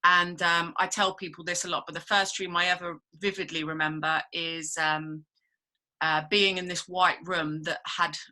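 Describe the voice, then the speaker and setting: A woman's voice: fairly low pitch, flat delivery, normal speed, pushed and bright. A woman leading a dream workshop over a video call, chatty and rambling, with many fillers. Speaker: workshop leader. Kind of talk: casual workshop talk.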